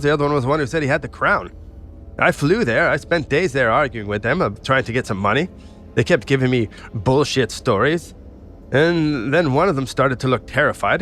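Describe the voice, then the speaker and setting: A man voicing a crude, bigoted English gentleman collector with a put-on English accent, haughty and profane. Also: medium pitch, fairly quick, soft background music, lightly acted. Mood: indignant.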